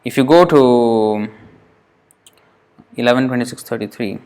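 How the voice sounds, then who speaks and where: A man teaching an informal lesson on verse pronunciation, patient, often restarting and sounding words out slowly syllable by syllable. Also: mid-range voice, a little mellow, clear, resonant tone. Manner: frequent restarts, thinking aloud.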